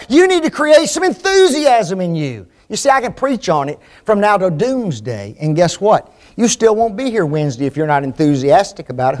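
A man preaching a sermon, emphatic, full of rhetorical questions and swings between loud and hushed delivery. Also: extremely high pitch, sing-song, moderate pace.

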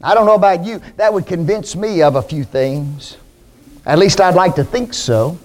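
A man's voice: high voice, normal speed, a little mellow. A man preaching a sermon, emphatic, with rhetorical questions to the congregation.

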